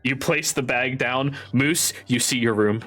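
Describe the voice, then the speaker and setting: A man narrating a tabletop game as game master, laughing often and slipping into a high voice for the characters. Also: a little slow, fairly bright tone, faint music behind.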